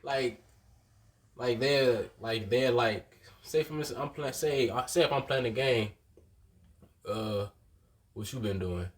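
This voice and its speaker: A man's voice: mid-range voice, slow pace, pauses often. A man chatting as a podcast guest, rambling and hesitant with many fillers. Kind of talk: casual chat.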